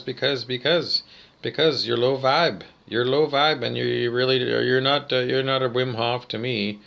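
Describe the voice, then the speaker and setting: A man's voice: medium pitch, creaky, fairly bright tone. A man delivering a rambling monologue as a spiritual vlogger, talking indoors by a window, insulting listeners and repeating "I don't know" over and over. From Canada.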